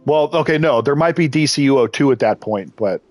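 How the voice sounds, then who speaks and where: A man's voice: mid-range voice, lively intonation, brisk, a little mellow, dry recording. Giggly, foul-mouthed male streamer. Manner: giggly, swears freely. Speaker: gaming streamer. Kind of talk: casual live-stream commentary.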